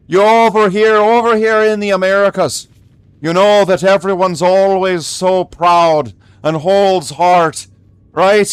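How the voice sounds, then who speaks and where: A man's voice: high voice, clear, resonant tone, no room sound. A man from Canada chatting in a rambling, joking way while streaming a game. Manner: rambling, joking, restarts often. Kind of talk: livestream chat while gaming.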